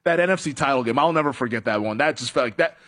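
A man's voice: medium pitch, lively intonation, very fast, fairly bright tone. A man hosting a sports talk show, chatting casually, laughing often and acting out quotes. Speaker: sports radio host.

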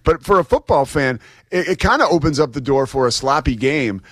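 A man's voice: a little high, expressive, brisk, a bit bright, no room sound, studio quality. A man appearing as a guest sports commentator, chatty and enthusiastic about the games. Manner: enthusiastic, chatty, easy laughs. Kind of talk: casual sports talk.

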